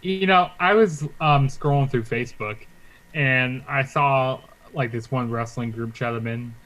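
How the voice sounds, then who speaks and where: A man's voice: medium pitch, measured pace, fairly bright tone, low-quality recording. A man co-hosting a casual wrestling chat, talking loosely with lots of fillers and letting sentences trail off. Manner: chatty, filler-heavy, trailing off. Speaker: co-host.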